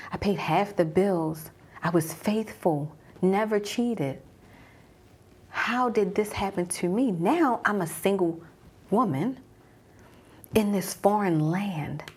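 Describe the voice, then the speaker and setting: Husky woman telling a personal story. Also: lowish voice. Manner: guided-imagery storytelling, hushed at tense moments. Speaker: mom coach.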